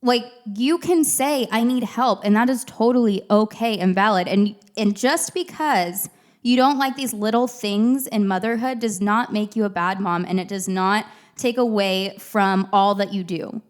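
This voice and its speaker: A woman's voice: mid-range voice, measured pace. A young adult woman hosting a podcast, talking candidly in a casual, heartfelt monologue, full of fillers and little asides. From San Antonio, Texas. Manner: candid, chatty, many fillers like "like" and "you know". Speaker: podcast host.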